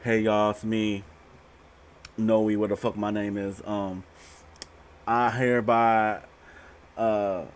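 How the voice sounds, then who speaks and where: A boastful young man solemnly declares he's done sleeping around, in a put-on accent, as a man mocks him. The voice is slow and drawn out, with a mock-pompous tone. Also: fairly low pitch, level tone, clean tone.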